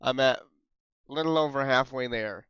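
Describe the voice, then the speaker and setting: Smooth-voiced man on a dull, dry mic. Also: mid-range voice, moderate pace, a bit bright, no room sound. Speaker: streamer guest. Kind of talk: casual podcast chat.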